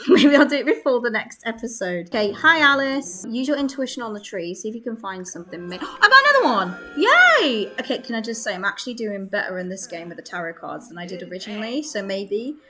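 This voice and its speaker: A young woman chatting excitedly while playing a life-sim game, laughing often. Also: mid-range voice, brisk, soft background music. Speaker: gaming creator. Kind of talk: casual gameplay commentary.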